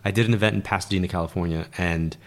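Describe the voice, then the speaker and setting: Deep-voiced New man telling stories. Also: racing. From New York. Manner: animated, acts out the people in his stories. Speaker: guest, stage medium. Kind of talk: conversational storytelling.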